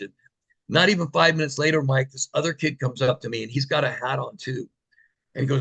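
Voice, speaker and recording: A man with a gravelly, slightly husky voice, telling stories as an interview guest. He talks casually and with enthusiasm, and his voice drops soft when he quotes someone. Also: on the high side, quick pace, poor audio. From United States. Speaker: interview guest, former TV gladiator. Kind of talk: casual storytelling.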